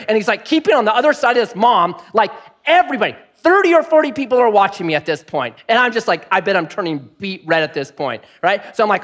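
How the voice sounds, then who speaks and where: A man in his thirties preaching a sermon, telling a family story with animated, self-deprecating humor. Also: high voice, fast talker. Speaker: pastor.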